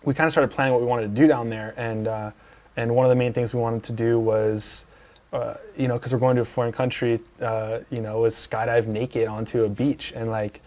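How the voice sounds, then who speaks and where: A man's voice: mid-range voice, little pitch movement, fairly quick, darkish tone. A man as a guest on a casual interview show, telling a rambling anecdote full of fillers and restarts, in a lounge. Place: dealership lounge couch.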